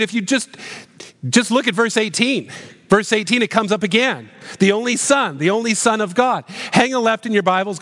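A man preaches in a high-pitched voice, earnest and questioning. He slows right down to stress key phrases. His voice rings with the long reverb of a church hall. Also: a bit bright. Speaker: pastor. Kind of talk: sermon.

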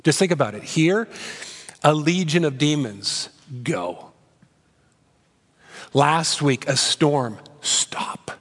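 A male pastor delivers an expository sermon with animated swings between loud emphasis and hushed asides. His voice sits a little high for a man. Long reverb from the church sanctuary trails every phrase. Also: unhurried.

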